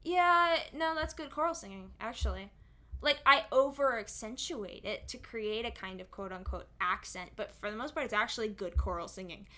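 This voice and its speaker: Bright-voiced chatty young woman. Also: on the high side, moderate pace. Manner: chatty, explaining at length with many asides. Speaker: singer and streamer. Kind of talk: casual stream chat.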